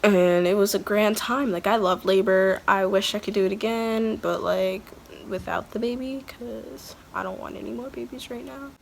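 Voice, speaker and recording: A woman's voice: medium pitch, moderate pace, vocal fry, slight background noise. A young woman vlogger telling a story in a chatty, candid way, full of "like" and blunt asides. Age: young adult. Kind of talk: casual storytime. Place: at home, kids nearby.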